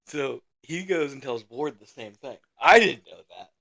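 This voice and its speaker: A man's voice: mid-range voice, expressive, unhurried, gravelly, a bit bright. Laughing, swearing young man telling a story. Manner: swears constantly, laughs through his story. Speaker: podcast co-host. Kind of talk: casual storytelling.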